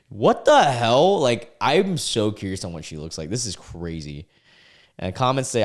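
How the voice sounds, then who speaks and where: A young man casually reading out online posts and reacting with incredulous comments, as a regular video host. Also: sits low.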